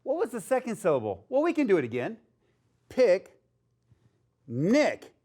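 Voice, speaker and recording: Man, children's phonics teacher, encouraging, rather high voice. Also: wildly swooping pitch, darkish tone. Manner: slow, sounding out letters, upbeat and encouraging. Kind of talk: phonics lesson for young children.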